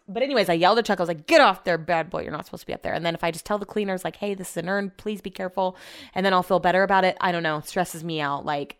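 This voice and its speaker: A young woman chats on her solo podcast from a room at home. She rambles and restarts her sentences often, and her low-pitched voice stays smooth and clear. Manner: rambling, chatty, many fillers and restarts. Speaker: podcast host. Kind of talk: casual solo podcast chat.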